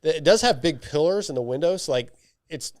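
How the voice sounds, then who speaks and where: Reading listener emails in a loose, joking style with lots of restarts, the podcast host speaks at a normal pace in an expressive voice on the high side. His tone is a little mellow, and the studio-quality recording is dry.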